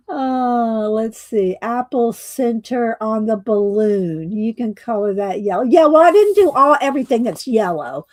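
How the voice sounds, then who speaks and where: A woman's voice: on the high side, expressive, unhurried, hardly any pauses, a little mellow, no room sound. A woman hosting a coloring livestream, chatting casually and rambling with fillers and restarts. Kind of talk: casual chat while coloring.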